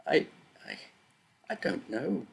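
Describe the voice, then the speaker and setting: A man voicing a frail fifteen-year-old girl just woken from a coma, speaking haltingly and unsure. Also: mid-range voice, huge pitch swings, vocal fry, breathy edge, pitched above the performer's own voice, heavily acted. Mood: uncertain. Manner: halting, uncertain, stammering.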